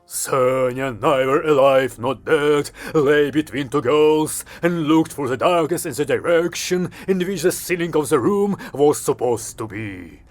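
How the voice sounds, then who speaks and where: A man's voice: a little high, measured pace, hardly any pauses. A man narrating a comic audiobook in a wry storytelling manner over faint music.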